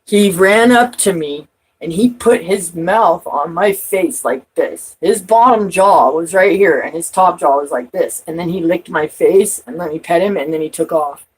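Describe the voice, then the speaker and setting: A woman vlogging in a rambling, profane monologue, swinging from loud outbursts to trailing off. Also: on the low side, measured pace, breathy edge, low-quality recording. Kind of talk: rambling personal talk to camera.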